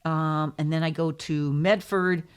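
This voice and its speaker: Effusive woman author, low voice. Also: fairly even intonation, measured pace, smooth. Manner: effusive, warm storyteller with exclamations. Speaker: author guest. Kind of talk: casual interview chat.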